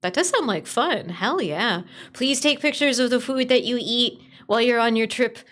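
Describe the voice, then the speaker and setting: A woman streamer chatting casually with viewers on a live stream, swearing freely and breaking into high squeals and laughter when startled. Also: lively intonation, moderate pace, fairly bright tone. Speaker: VTuber streamer.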